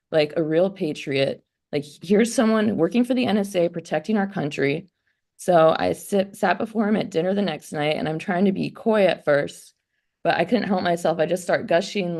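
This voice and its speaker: A young woman telling a stand-up comedy story in a deadpan way, putting on a wide-eyed voice for her quoted questions, over a video call. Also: low voice.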